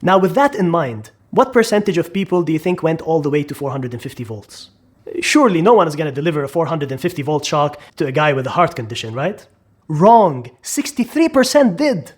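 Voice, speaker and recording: High-voiced man narrating a psychology lesson. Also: very animated, a little fast. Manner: dramatic, asks the listener questions, acts out quotes. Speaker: psychology lecturer. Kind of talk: explainer video narration.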